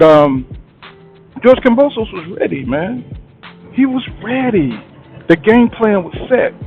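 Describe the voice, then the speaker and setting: A man giving a casual boxing commentary monologue, blunt and slangy, who keeps asking "you know what I'm saying". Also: a little high. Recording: tinny phone-like sound, faint music.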